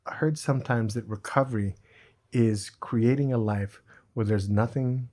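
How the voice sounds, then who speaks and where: A middle-aged man talking about recovery as a podcast guest, earnest and reflective with a dry sense of humor, in a husky voice. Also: medium pitch, measured pace, a little mellow. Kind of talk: reflective conversation.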